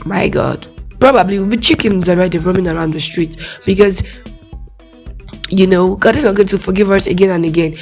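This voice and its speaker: Young woman with a Nigerian accent, solo faith podcast, lively and chatty, laughs a lot, soft music under. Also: mid-range voice, moderate pace. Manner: animated, laughs often, acts out little quoted voices. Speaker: podcast host. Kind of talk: casual faith podcast monologue.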